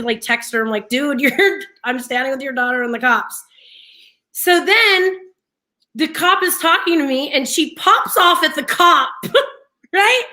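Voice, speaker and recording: A young adult woman co-hosting a radio show, telling a story animatedly and laughing often as she acts out what people said. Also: high voice. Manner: animated, laughs often, slips into quoted voices. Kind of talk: casual morning-show storytelling.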